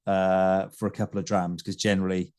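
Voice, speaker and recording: A man's voice: deep voice, level tone, fairly quick, darkish tone, smooth. A man co-hosting a casual whisky podcast, joking and laughing as he talks. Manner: jokey, laughing. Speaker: podcast co-host. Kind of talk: casual chat.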